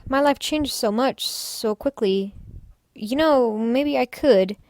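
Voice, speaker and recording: A woman's voice: a little high, slow, darkish tone, no echo. A woman reading a visual novel aloud, voicing a nervous, shy teenage schoolgirl who hesitates and stammers. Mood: flustered. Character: nervous shy teen schoolgirl, new student.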